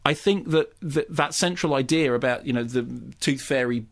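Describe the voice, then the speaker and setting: A man reviewing a film on the radio, animated, often restarting and repeating words. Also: medium pitch, normal speed. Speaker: film critic.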